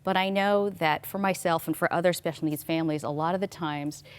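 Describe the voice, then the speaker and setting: Middle-aged woman, guest author, low-ish voice, earnest and reflective on a faith talk show. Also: fairly even intonation, brisk, clear, resonant tone, no echo.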